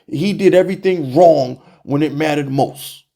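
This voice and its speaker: A young man hosts a fan rant in a voice that is a touch high yet warm and mellow. He talks in an exasperated, animated way, firing rhetorical questions and hammering the same jab again and again. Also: moderate pace, gravelly. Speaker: sports fan channel host. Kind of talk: heated fan rant to camera.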